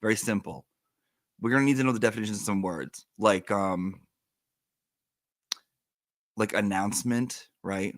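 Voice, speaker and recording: A man's voice: lowish voice, moderate pace, long pauses, dry recording. A man hosting a live stream, chatting casually and emotionally with fillers.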